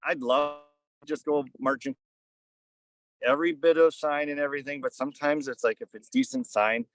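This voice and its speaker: A man's voice: on the high side, normal speed, creaky, no echo. Rambling man telling a story, dry sound. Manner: rambling, lots of "kinda" and "like". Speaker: podcast guest. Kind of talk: casual storytelling. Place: on a fishing boat.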